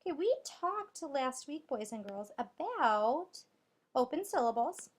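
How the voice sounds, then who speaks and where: Woman, teacher, spelling lesson for young kids, unhurried delivery, sounds out each letter. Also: high voice, big pitch swings. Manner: spells out letters and claps out syllables deliberately.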